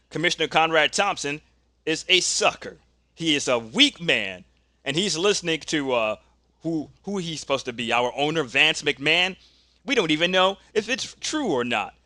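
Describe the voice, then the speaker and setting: A man's voice: on the high side, dry recording, clean studio sound. A man voicing an angry male pro wrestler who rants and threatens in a backstage interview. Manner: angry ranting, builds to shouting.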